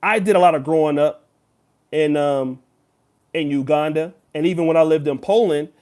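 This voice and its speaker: A man's voice: fairly high pitch, moderate pace, a little mellow, clean tone. A man giving emphatic direct-to-camera commentary as a YouTuber, lecturing the viewer. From United States.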